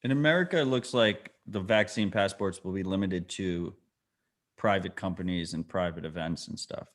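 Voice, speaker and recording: A man's voice: deep voice, moderate pace. A man co-hosting a podcast, explaining things bluntly and swearing in casual chat. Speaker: podcast co-host.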